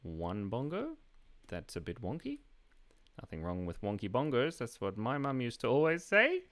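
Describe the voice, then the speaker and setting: Man, live-stream drawing host, goofy and chatty, very animated pitch. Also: moderate pace. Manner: playful, silly, reads viewer comments aloud. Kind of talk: casual live-stream chat while drawing.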